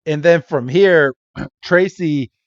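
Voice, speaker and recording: A man co-hosting a podcast, recapping a cartoon episode in casual, animated chat, laughing often and swearing bluntly. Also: a little high, slow, dry recording, lo-fi sound. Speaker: podcast co-host.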